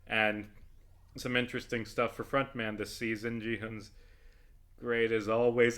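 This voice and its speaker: A man's voice: mid-range voice, flat delivery, a little slow, long pauses, fairly bright tone. A man rambling through casual commentary while playing a video game, swearing freely and swinging into heated rants.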